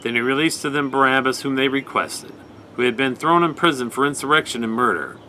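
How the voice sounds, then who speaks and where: A man leading a night prayer service, giving a measured, even scripture reading. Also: medium pitch, slight background noise, poor audio.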